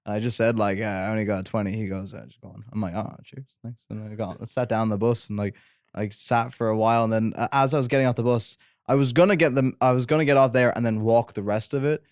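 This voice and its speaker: A man's voice: fairly low pitch, steady tone, quick pace, no echo, studio quality. A young Irish man telling a rambling story in casual chat, laid-back and swearing freely. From Ireland. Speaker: guest host.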